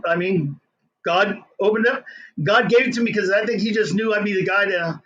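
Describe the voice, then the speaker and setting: A middle-aged man, an inventor telling his story as an interview guest in an excitable, hyper way. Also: high voice, normal speed, highs cut off.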